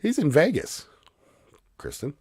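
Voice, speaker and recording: A man co-hosting a casual live stream, hoarse from losing his voice, chuckling as he reads viewer comments aloud. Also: a little high, wildly swooping pitch, unhurried, a little mellow, no room sound, studio quality. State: hoarse, voice mostly lost. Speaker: co-host of a live resale stream.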